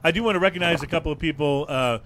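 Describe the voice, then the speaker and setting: Man, talk show host, somewhat high voice, relaxed, segment intros. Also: rapid-fire. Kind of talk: casual talk show hosting. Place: studio with several guests.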